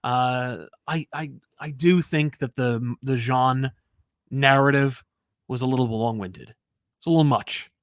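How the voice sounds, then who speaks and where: A man co-hosting a casual live comics chat, rambling and self-deprecating, with halting restarts. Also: mid-range voice, no echo, studio quality. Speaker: co-host of a comics show.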